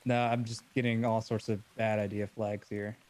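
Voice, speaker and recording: A man's voice: fairly low pitch, level tone, moderate pace, background noise. A man playing a tabletop wargame, talking in a hesitant, wry way. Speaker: player. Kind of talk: casual tabletop game banter.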